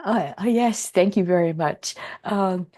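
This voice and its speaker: A woman in a group talk slowly telling a personal story in a calm, rambling way, full of fillers and restarts. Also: fairly low pitch. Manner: rambling, lots of "you know" and restarts, calm. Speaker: Ho'oponopono instructor.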